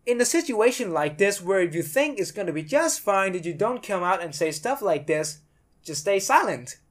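A woman's voice: mid-range voice, big pitch swings, moderate pace. A woman hosting a podcast, giving blunt, sarcastic commentary and swearing freely. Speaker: podcast host.

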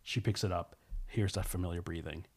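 A man telling a scary story in a casual chat, animated and full of "like" and "um". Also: low-pitched, a little fast, breathy edge. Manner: animated, lots of "like" and "um".

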